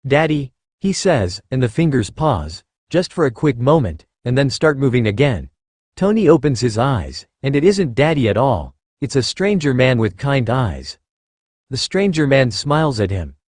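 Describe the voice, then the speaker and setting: A man reads a story aloud with a gentle, childlike cadence. His pitch moves in a lively, expressive way. The recording is dry and close, with no room echo. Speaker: narrator. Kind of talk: reading fan fiction aloud.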